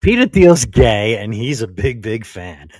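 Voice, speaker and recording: A man's voice: mid-range voice, big pitch swings, a little slow, a little mellow, dry recording. A man hosting a casual live stream chat, bantering and laughing, with many restarts. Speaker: host.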